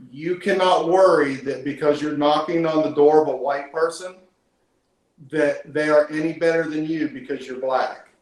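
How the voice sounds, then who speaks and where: A man's voice: fairly high pitch, roomy sound, rough recording. A man hosting a team call, talking in an emotional, earnest way and praising his guest. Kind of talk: heartfelt conversational interview. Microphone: call audio.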